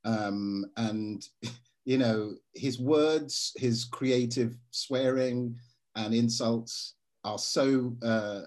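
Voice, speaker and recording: A man, an actor being interviewed, telling stories in a lively way and slipping into voices for quotes. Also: mid-range voice, extremely slow. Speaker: actor guest. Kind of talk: casual interview.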